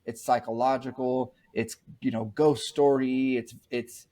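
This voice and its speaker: A man's voice: mid-range voice, level tone, a little slow, warm tone. A man chatting casually on a podcast, reviewing a horror film in a rambling way, often repeating himself and restarting sentences. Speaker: podcast co-host. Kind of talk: casual movie review chat.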